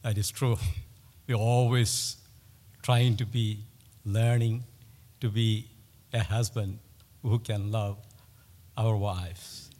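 Slow-speaking preacher in an echoing hall. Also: male voice, lowish voice, level tone, dark tone. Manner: storytelling, with pauses and emphatic repetition. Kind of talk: sermon.

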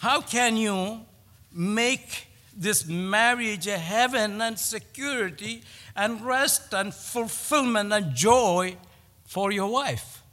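A man's voice: high-pitched, pushed and bright, in a large hall. A man preaching a sermon, telling a story and repeating his key points with emphasis. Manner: storytelling, with pauses and emphatic repetition.

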